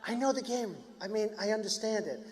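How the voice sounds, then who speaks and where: A man giving a rambling, boastful campaign rally speech from a podium, tossing shouted asides to the crowd. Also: sits high, fairly quick. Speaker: political candidate. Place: large outdoor stadium rally.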